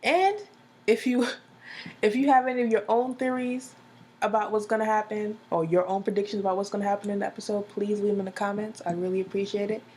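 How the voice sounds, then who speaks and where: Casual woman vlogger, mid-pitched voice, acts out scenes, laughs a lot, slangy repeats. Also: a little fast, a little hiss or hum. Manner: animated storytelling, acting out quotes, laughing often; slangy, repeats phrases for emphasis. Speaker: drama reviewer. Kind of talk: casual reaction vlog.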